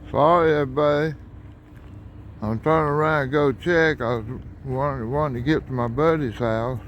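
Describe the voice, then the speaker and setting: Monotone man by the tracks. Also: mid-range voice, normal speed, lo-fi sound, a little hiss or hum. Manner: flat, monotone delivery. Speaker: railfan vlogger. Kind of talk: casual narration while filming trains. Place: outdoors by railroad tracks at dusk.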